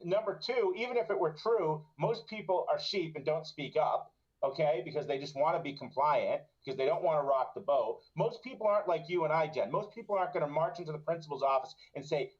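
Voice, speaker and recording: A high-pitched man rants with indignant emphasis on a live stream. The sound is dull and lo-fi, like a muffled call. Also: animated, brisk, breathy edge. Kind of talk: heated live-stream talk. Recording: dull lo-fi audio.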